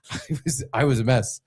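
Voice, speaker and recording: Young male co-host, animated, swears a lot, mid-pitched voice, casual chat. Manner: animated storyteller, swears freely. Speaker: podcast co-host.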